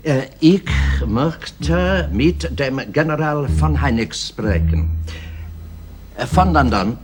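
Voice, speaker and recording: A flustered, courteous old gentleman. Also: on the high side, animated, slow, over music. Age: older. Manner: formal and polite, hesitant with many ums. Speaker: grandfather of the household. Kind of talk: 1930s period radio drama.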